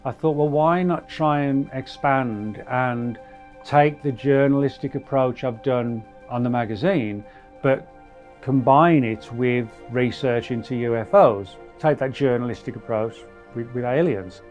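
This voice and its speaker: A man in a reflective interview, speaking thoughtfully and haltingly with fillers. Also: medium pitch, darkish tone, faint music behind. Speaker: interviewee, researcher.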